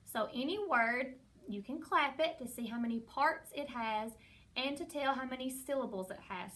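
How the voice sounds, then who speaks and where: A woman kindergarten teacher giving a recorded lesson to young children in slow, patient, sing-song teacher talk. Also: high-pitched, sharp tone. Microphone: iPad camera.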